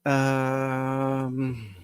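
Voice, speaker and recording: The man, a UK health coach, responds to viewers' questions during a live stream, wandering off-topic and chuckling at his own expense, clearly fatigued after a long screen day. His smooth, medium-pitched delivery is flat and very slow. It's a dry, studio-quality recording.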